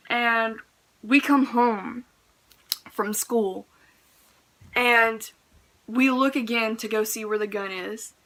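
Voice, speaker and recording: A young woman vlogger telling a personal story in casual chat, full of fillers, swinging from hushed asides to loud outbursts. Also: fairly high pitch. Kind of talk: storytime vlog.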